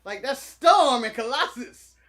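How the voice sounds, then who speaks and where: A young man co-hosts a casual wrestling podcast. He jokes constantly and breaks into laughter often. His voice is lively and swings widely in pitch. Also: a little slow. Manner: joking, laughs often, animated. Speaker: podcast co-host. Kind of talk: casual chat.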